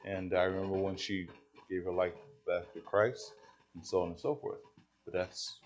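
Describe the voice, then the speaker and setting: Low-voiced man preaching, hushed to shouting. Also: little pitch movement, normal speed, dull audio. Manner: acts out dialogue, swings from hushed to shouting. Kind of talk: sermon storytelling.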